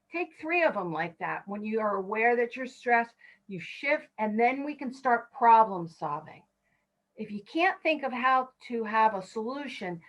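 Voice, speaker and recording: A woman's voice: fairly high pitch, fairly bright tone, muffled recording. A woman in her fifties from California, leading an online stress management class, talking listeners through breathing counts with chatty personal asides.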